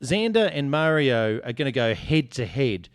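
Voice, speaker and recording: A man's voice: mid-range voice, very animated, normal speed, clear, resonant tone, no room sound, studio quality. An Australian man hosting a sports podcast, reading listener reviews aloud and teasing his co-hosts in casual banter. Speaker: podcast host.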